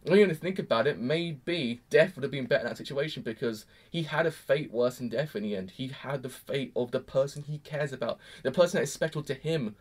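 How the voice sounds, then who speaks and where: A man's voice: medium pitch, fairly quick, hardly any pauses. A young man rambling through an emphatic, exasperated reaction review. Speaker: anime reviewer. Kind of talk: casual reaction commentary.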